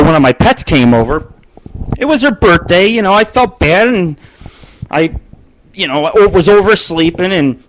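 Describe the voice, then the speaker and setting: A man's voice: high-pitched, slight background noise, poor audio. A man hosting his own live internet radio show, telling rambling, crude stories with plenty of swearing. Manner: crude, rambling storytelling with frequent swearing and laughs. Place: home studio broadcasting on live video.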